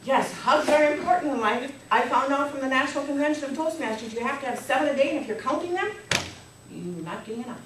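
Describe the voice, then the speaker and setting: A woman's voice: high voice, animated, quick pace. A middle-aged woman giving a humorous speech to an audience, playful and leading the room in jokes and laughter. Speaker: contest speaker. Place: meeting hall with audience. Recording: echoey hall from far off, faint noise.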